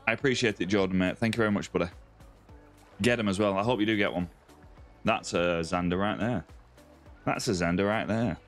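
Aussie guy streaming, lowish voice, chill chat w viewers, mate and buddy every line, bit of music behind. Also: brisk. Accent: Australian. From Australia. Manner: friendly, greets viewers by name, calls them mate and buddy. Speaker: game streamer. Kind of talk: casual live-stream chat reading viewer comments. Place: home streaming setup with a ring light.

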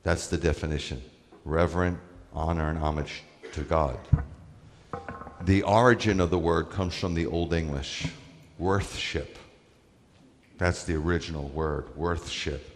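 A man's voice: very deep voice, fairly even intonation, a little slow, long reverb tail, a little hiss or hum. A man giving a sermon as a rabbi, talking conversationally and stressing his points to the congregation. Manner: conversational, emphatic preaching with asides to the congregation.

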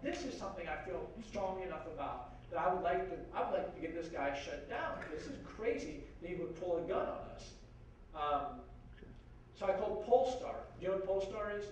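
A man speaking as a guest at a university forum, telling an anecdote in a lively way and acting out the voices of the people in it, with many "like"s and "you know"s. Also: high-pitched. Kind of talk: animated anecdote storytelling. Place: university lecture hall. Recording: very echoey hall from far off, faint noise.

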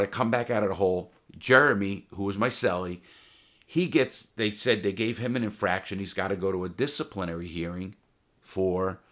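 A former jewel thief telling his prison stories in a casual, profane, animated way, full of restarts. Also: fairly low pitch. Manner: profane, animated, heated retelling with many restarts. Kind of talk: casual storytelling to camera.

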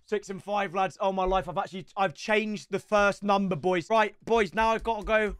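A young man streaming a football game, loud and excitable, breaking into shouts. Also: high voice, moderate pace, hardly any pauses, clean tone, faint music behind. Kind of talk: excitable gaming livestream.

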